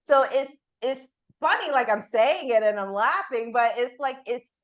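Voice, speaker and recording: A woman guest in a casual interview, talking in an animated way with frequent laughter and many fillers. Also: fairly high pitch, a little slow. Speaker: guest entrepreneur coach.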